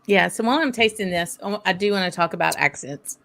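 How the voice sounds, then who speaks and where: A woman's voice: medium pitch, lively intonation, quick pace, vocal fry, a bit bright. A woman with a Southern American accent hosting a casual whisky tasting chat, thinking aloud and laughing often. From southern United States. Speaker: host.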